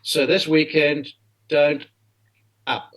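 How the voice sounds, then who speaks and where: A man's voice: on the high side, level tone, slow pace, fairly bright tone, low-quality recording. A South African man voicing a friendly, eager male club shop worker in a raised voice.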